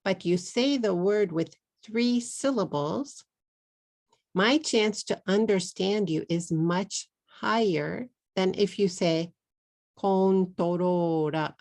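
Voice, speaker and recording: Slow, gravelly Texan woman teaching English. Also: medium pitch. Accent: Texas. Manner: slow, drawn-out model words, repeated for learners. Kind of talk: pronunciation lesson.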